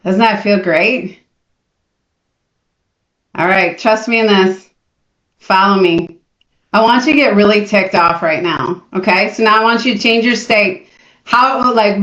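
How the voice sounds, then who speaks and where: A woman coach giving a live motivational workshop to an audience in a room, energetic and coaxing people to join in. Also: medium pitch. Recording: echoey room, dull lo-fi sound.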